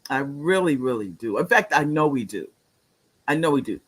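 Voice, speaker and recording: A man's voice: mid-range voice, animated, moderate pace, fairly bright tone, a little hiss or hum. Earnest man in his late sixties hosting. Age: 60s. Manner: earnest, repeats phrases for emphasis; reads viewer comments aloud. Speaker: talk show host. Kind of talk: live-streamed talk show monologue.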